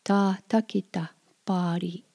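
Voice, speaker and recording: A woman's voice: fairly low pitch, steady tone, creaky, dark tone. Patient woman teaching a language podcast. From Pawnee community, United States. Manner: patient, repeats words slowly for practice.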